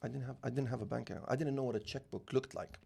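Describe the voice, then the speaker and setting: A man in his forties with a gravelly, husky voice, raised in the UAE, tells a long anecdote on a podcast. He voices the people in it as he goes and repeats words often when he restarts a sentence. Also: mid-range voice, very fast. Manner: animated anecdotes, acting out dialogue, many restarts. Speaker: real estate founder, guest. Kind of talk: storytelling interview.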